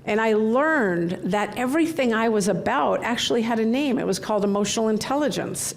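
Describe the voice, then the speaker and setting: A middle-aged woman giving a conference keynote from the stage, telling candid stories in an animated way. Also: a little high, creaky, a little hiss or hum. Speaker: keynote speaker. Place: large conference hall.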